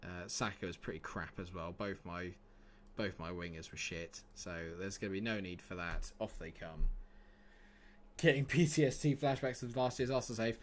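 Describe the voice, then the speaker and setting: Low-voiced man streaming, exasperated banter. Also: lively intonation, normal speed, a little hiss or hum. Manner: banter with chat, sudden exasperated outbursts. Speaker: streamer playing a football management game. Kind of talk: casual livestream commentary.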